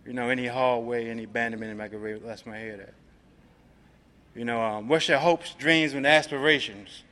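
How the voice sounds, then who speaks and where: A man's voice: mid-range voice, fairly even intonation, normal speed, bright, forceful tone, in a large hall. A man from Maryland giving a personal recovery testimony, streetwise and profane, filling his talk with "man". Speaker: recovery speaker.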